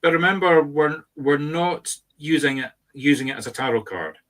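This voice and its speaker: A man's voice: on the high side, normal speed, a bit bright. A middle-aged man with a Scottish accent, co-hosting a casual chat, talking in an emphatic, instructive teacher's tone. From Scotland. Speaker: medium and co-host.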